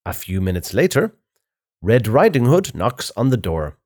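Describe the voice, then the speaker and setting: A man narrating a children's fairy tale in a slow, expressive storytelling style. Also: medium pitch.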